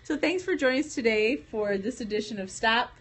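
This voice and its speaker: A woman's voice: a little high, lively intonation, fairly quick, fairly bright tone. Playful woman laughing through a livestream chat. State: pregnant. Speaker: livestream co-host. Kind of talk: casual chat on a late-night livestream.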